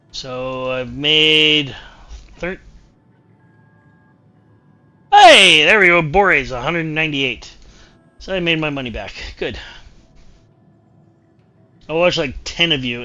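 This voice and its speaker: Bright-voiced chatty male streamer. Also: on the high side, highs cut off. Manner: rambling, repeats himself, chatty. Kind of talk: casual gameplay chat.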